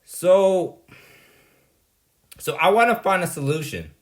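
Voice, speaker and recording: Man, vlog monologue, slow and rambling, pitch jumps all over, blunt and dismissive. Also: lively intonation. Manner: dismissive, repeats "right?" and "like"; blunt, exasperated. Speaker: vlogger.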